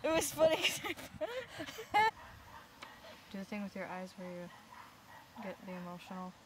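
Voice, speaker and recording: A woman's voice: mid-range voice, very animated, measured pace. A woman casually directing a friend while filming outdoors, bossy and giggly, swearing now and then. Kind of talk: casual blooper banter. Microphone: handheld camera. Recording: noisy outdoor camera audio.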